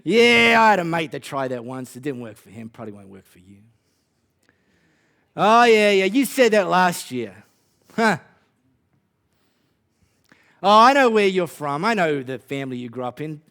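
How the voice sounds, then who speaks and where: A man's voice: fairly high pitch, sing-song, moderate pace, pauses often, pushed and bright, clean tone, exaggerated voice. A man voicing a sneering, doubtful male heckler in a broad Australian accent, drawling and dismissive. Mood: scoffing.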